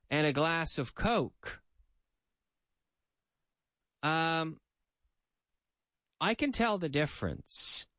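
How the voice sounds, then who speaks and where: A man with a slightly bright, higher-pitched voice runs a lively radio English lesson, explaining phrases and joking around with a co-host. He's chatty and mixes in translated explanations, and there's no room sound at all.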